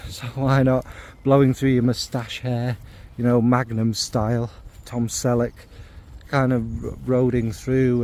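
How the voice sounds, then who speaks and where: A man's voice: medium pitch, darkish tone, slight background noise. A man reviewing fragrances in a casual, rambling and joking way, with many fillers and restarts.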